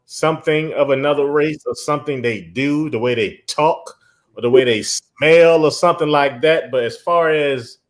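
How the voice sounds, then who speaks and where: Guy hosting a livestream, kinda high voice, emphatic, keeps repeating himself and laughing. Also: normal speed. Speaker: live stream host. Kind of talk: casual live-stream chat.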